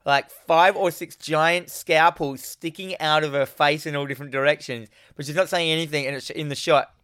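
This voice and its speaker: A man co-hosting a podcast casually recaps a film scene by scene, rambling as he goes and quoting scenes in put-on voices. His voice is fairly high and fairly even in intonation, at a moderate pace, with a fairly bright, clear, resonant tone. The clean studio recording has no room sound.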